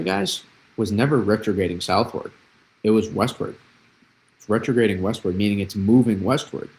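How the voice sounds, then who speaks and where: Lowish-voiced man explaining weather maps. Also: rough recording. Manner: explanatory, repeats key phrases, frequent restarts. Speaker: weather forecaster, host. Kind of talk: live weather analysis stream.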